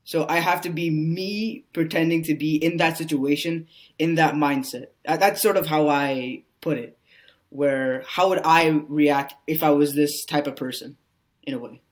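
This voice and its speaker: A man's voice: a little high, fairly even intonation, unhurried. Man guest rambling with many fillers. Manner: rambling, heavy use of "you know" fillers. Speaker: actor guest. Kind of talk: casual podcast interview.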